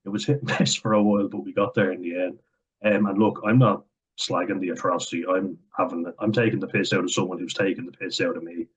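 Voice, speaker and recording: Irish male vlogger, deep and husky, blunt sardonic ranter who swears freely. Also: steady tone, quick pace. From Ireland. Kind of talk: casual opinion rant.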